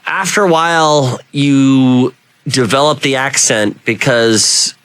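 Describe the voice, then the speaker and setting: A male talk radio host from Rhode Island, chatting in a loose, rambling way. His voice sits at an ordinary pitch, and the close mic sounds dry. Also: slow, fairly bright tone, clean tone, dry recording. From Rhode Island, United States. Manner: rambling storyteller with many fillers. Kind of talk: casual talk radio chat.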